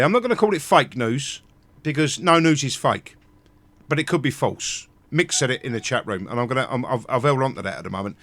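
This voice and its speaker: British male livestream host, high voice, dry close sound, furious profane ranting. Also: fairly bright tone, no room sound. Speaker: live stream host. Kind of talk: livestream rant.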